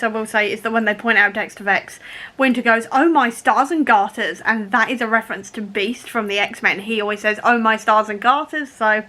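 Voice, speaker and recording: A young woman with a fairly high, sharp-toned voice talks in a casual reading vlog, getting emotional and laughing through tears as she reacts to a book.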